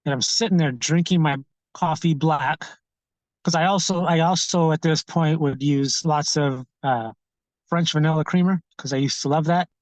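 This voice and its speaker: A middle-aged man, a podcast guest, tells his personal story candidly in a halting way, with frequent restarts and fillers. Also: fairly high pitch, steady tone, no echo, poor audio.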